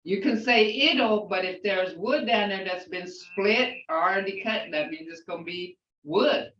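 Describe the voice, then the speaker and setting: A woman's voice: fairly low pitch, a bit bright, slight background noise. Older woman teaching from across a room. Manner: patient, repeats and sounds out syllables slowly. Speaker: language teacher. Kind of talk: teaching a language class. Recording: roomy, distant, dull lo-fi.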